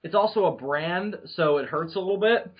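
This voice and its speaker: A man's voice: high voice, moderate pace. A man hosting a casual podcast, rambling through crude jokes and laughing often. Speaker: podcast host. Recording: lo-fi muffled podcast audio.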